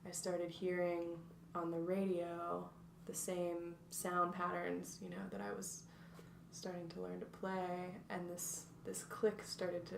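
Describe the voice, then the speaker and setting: Reflective woman with a gravelly voice. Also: fairly low pitch, monotone, slow. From North Carolina, USA. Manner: reflective, with many fillers and restarts. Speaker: guest. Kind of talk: casual interview chat. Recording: echoey room, distant mic, faint noise.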